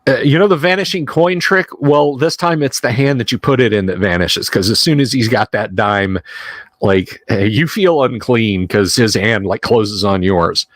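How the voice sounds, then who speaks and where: A man running a tabletop horror game on a livestream, narrating in a slow, halting way with many fillers. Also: on the low side, dry recording. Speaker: game master.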